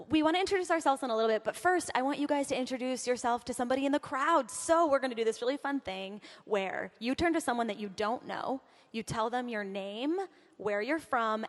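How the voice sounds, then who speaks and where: A young woman from Southern California giving a chatty, upbeat talk on stage, laughing often. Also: a little high. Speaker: conference speaker. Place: large hall on stage. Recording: long hall reverb.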